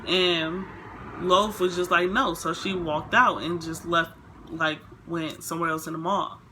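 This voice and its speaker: A woman's voice: on the low side, unhurried, slight background noise. A young woman vlogger telling a storytime in a casual, rambling way, full of fillers. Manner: rambling, filler-heavy, animated retelling.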